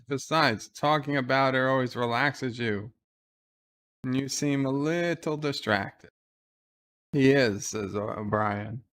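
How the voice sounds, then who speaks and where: A man's voice: medium pitch, a bit bright. A man giving casual live commentary on an episode, retelling scenes by quoting lines.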